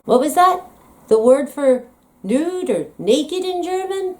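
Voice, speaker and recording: A woman's voice: high voice, big pitch swings, slow pace. An American woman talking in a comedic vlog monologue, playful, teasing and dramatic. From United States. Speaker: vlogger.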